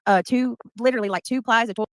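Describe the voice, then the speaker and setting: A woman's voice: a little high, steady tone, fast, dry recording. A woman hosting a livestream, reading comments and chatting in a bubbly, giggly way. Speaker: livestream host. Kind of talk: casual livestream chat.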